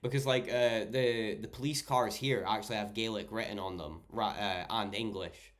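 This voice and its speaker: A man's voice: lowish voice, fairly even intonation, moderate pace. A young Scottish man chatting on a livestream while tipsy and tired, rambling and swearing a lot as he jokes through viewer messages. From Scotland. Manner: rambling, heavy swearing, joking. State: intoxicated and tired. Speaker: livestreamer reading chat. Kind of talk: casual livestream chat.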